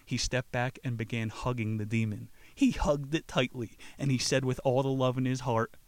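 A man's voice: medium pitch, steady tone, moderate pace, a little hiss or hum. Profane, joking male podcast host. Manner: profane, joking, laughs often. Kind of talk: casual book-summary talk.

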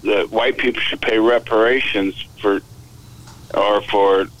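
A man's voice: lowish voice, fairly even intonation, measured pace, fairly bright tone, poor audio. A man calling in to a radio show, talking bluntly and dismissively as he argues with the host. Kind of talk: call-in phone conversation.

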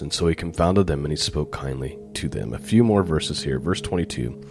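A man's voice: very deep voice, fairly quick, hardly any pauses, faint music behind. A man reading scripture passages aloud and then explaining them in casual asides, like a Bible teacher.

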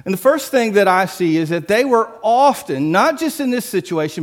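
A man preaching a sermon, telling stories with lively acted-out voices and dropping to a hush for solemn points. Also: high-pitched, brisk, hardly any pauses. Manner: animated storytelling, acts out voices, drops to a hush for solemn points.

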